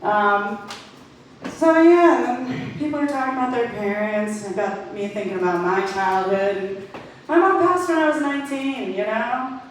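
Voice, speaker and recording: Woman telling dark jokes in an echoey room. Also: on the high side, moderate pace. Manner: dark deadpan jokes, often breaking into laughter. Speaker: stand-up comedian. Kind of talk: stand-up storytelling. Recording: very echoey, distant mic, faint noise.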